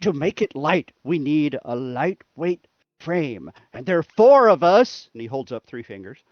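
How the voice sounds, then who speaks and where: A man making grandiose in-character proclamations in a tabletop game. He talks slowly with a lively, slightly high pitch. The mic sounds dull and dry. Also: dry recording. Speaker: player.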